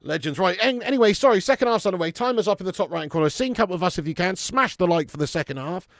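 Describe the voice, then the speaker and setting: A man's voice: sits high, expressive, fast, a bit bright, dry recording, studio quality. A man hosting a live football watch-along, reading the chat and chatting with viewers in a casual, sweary way, calling everyone mate and laughing often.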